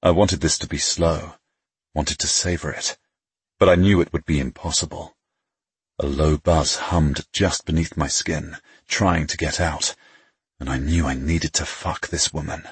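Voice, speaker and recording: Very husky deep-voiced male narrator. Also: steady tone, unhurried, no room sound. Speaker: audiobook narrator. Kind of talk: first-person audiobook narration.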